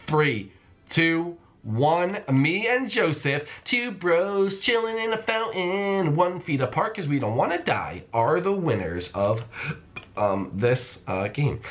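Lively young man narrating a game. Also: medium pitch. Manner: playful, hypes himself up, repeats phrases, talks to viewers as folks. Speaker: gaming YouTuber. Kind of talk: excited Minecraft let's-play commentary.

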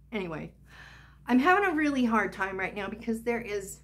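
A woman's voice: mid-range voice, lively intonation, moderate pace, a little hiss or hum. An older woman vlogging, telling a personal story in a chatty, rambling way full of asides.

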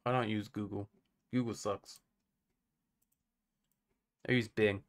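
A man's voice: on the low side, steady tone, takes it slowly. An English man casually commenting on a game for his live chat, humming idle tunes between remarks. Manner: hums idle tunes while playing, talks to chat casually. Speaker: game streamer.

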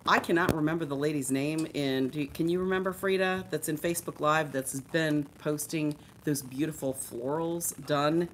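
A slightly low-voiced woman hosts a live art supply show in a chatty, enthusiastic way. She shows off products in an easy, casual manner and trades jokes with her co-hosts. Faint noise sits behind her voice. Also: fairly even intonation, normal speed, few pauses.

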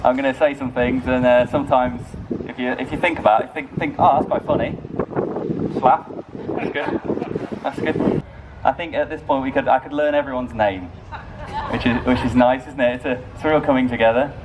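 A man's voice: mid-range voice, steady tone, brisk, recorded from a distance. A man performing as a street busker, bantering cheekily and mocking himself while talking to passers-by outdoors. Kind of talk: busking crowd banter. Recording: noisy outdoor street recording.

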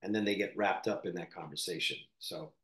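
A man from Canada, an actor, speaking candidly in an interview in a reflective, halting way with many fillers and restarts. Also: sits low, fairly bright tone, echoey room.

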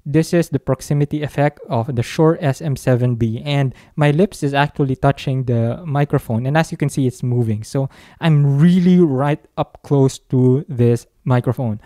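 A man's voice: medium pitch, normal speed, mellow. A chatty man talks right up against a dynamic studio mic at a home recording setup. His delivery is offhand and conversational, with little jokes at his own expense as he walks through a mic test. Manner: chatty and offhand, with self-mocking asides. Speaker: microphone reviewer. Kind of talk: casual mic test demo. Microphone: dynamic studio mic, talking close.

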